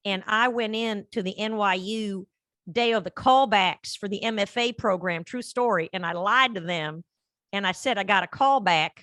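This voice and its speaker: A woman hosting a podcast in casual chat, blunt and joking, cursing freely. Her voice has a bright, sharp edge, recorded close and dry with no room sound. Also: medium pitch, normal speed, no room sound. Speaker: podcast host.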